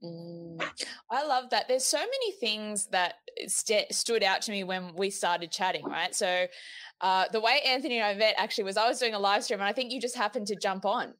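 A woman's voice: medium pitch, expressive, normal speed, fairly bright tone. A woman hosting a casual podcast interview, encouraging her guest and laughing readily. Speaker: podcast host.

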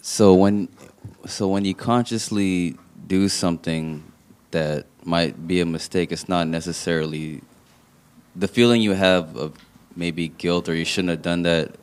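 A man's voice: low voice, fairly even intonation, unhurried, smooth. A man in the congregation asking the pastor a question, hesitant and restarting as he talks. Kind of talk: question from the floor.

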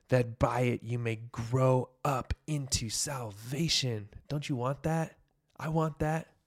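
A young man hosting a devotional podcast, teaching from the Bible in an earnest, emphatic way that builds to bursts of excitement. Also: mid-range voice. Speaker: podcast host sharing a devotional.

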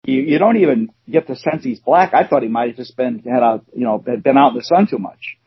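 A man co-hosting a casual chat show, talking in a hesitant, halting way with frequent restarts. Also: mid-range voice, breathy edge, no echo. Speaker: co-host. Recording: dull dry lo-fi recording.

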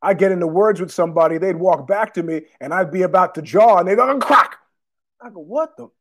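A man's voice: high-pitched, quick pace. A man hosting his own show, telling a street story in a casual, profane monologue and acting out the other people's lines. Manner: profane, animated, acts out street exchanges in quoted voices. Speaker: podcast host.

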